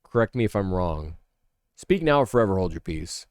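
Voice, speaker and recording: A man streaming casual chat ranks a series, rambling and thinking out loud while often correcting himself mid-sentence. His deep voice moves briskly with big swings in pitch, and the studio-quality sound has no room tone.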